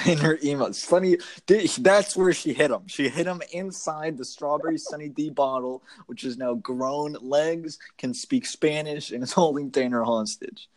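A man's voice: fairly high pitch, normal speed. A young man co-hosting a podcast in casual chat, swearing a lot and riffing on absurd jokes. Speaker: podcast co-host.

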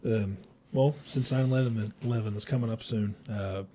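A man's voice: fairly low pitch, steady tone, a little slow, warm tone, slight background noise. A man in his thirties hosting a casual chat, easygoing and chuckling through his stories.

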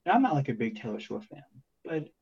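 A man's voice: a little high, sing-song, fast talker, gravelly, a little mellow, breathy edge, muffled recording. A man co-hosting a casual music podcast, laid-back and rambling with lots of filler words. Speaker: podcast co-host. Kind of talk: casual chat.

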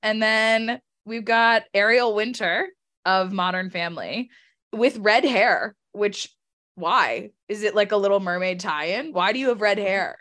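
A woman's voice: mid-range voice, unhurried. Jokey young woman co-host. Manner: lively, jokey, runs through lists with asides. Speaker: podcast co-host. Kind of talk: casual chat.

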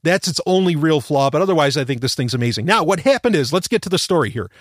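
A man's voice: a little high, lively intonation, fast, no echo, clean studio sound. A man hosting a podcast, telling a rambling story with lots of restarts and the odd swear word. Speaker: podcast host. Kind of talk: casual storytelling monologue.

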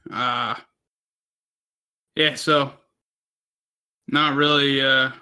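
A man's voice: mid-range voice, level tone, very slow, bright, forceful tone, smooth. A man co-hosting a podcast, telling a rambling story in casual chat, swearing constantly. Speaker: podcast co-host.

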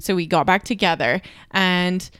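A woman's voice: lowish voice, moderate pace, fairly bright tone, smooth, no echo, studio quality. A young woman in casual chat, candidly telling a personal story, swearing freely and saying "like" a lot.

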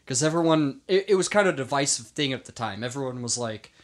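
A man's voice: medium pitch, expressive, quick pace. A man hosting a comedy history podcast, telling the story casually, laughing and swearing along the way. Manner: swears freely, laughs often.

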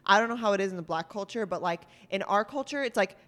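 A woman's voice: mid-range voice, fast talker, a bit bright. Young woman ranting, heated and blunt, lots of swearing, echoey room. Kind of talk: casual chat.

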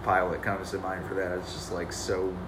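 A co-host in a casual podcast chat, relaxed and musing, with some hesitant restarts. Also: low-pitched, moderate pace, roomy sound, noisy background.

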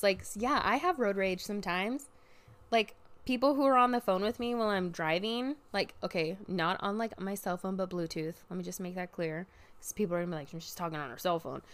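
A young woman ranting casually as a podcast host, swearing freely and bursting into loud outbursts. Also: lowish voice, clear, resonant tone. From Oregon, US. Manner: animated, profane venting with sudden loud outbursts.

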